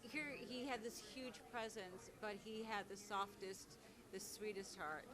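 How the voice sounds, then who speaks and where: A woman speaks softly at a mid pitch with quick reactions. Crowd noise is heard behind her.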